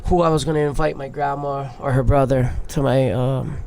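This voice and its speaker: Speaking in a mid-range, darkish voice with fairly even intonation and a moderate pace, this man tells his life story on a candid podcast. He's a big wave surfer in his thirties from Hawaii, emotional, open and casually profane. Slight background noise is present.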